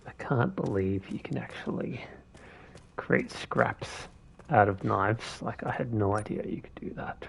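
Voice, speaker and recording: A man giving relaxed live gameplay commentary as a streamer, thinking aloud with fillers as he plays. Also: on the low side, unhurried, vocal fry, slightly rough.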